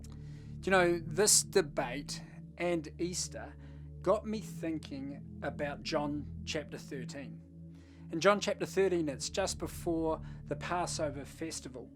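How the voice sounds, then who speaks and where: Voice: medium pitch, slow. Conversational pastor over background music. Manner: conversational, storytelling. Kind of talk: short devotional message.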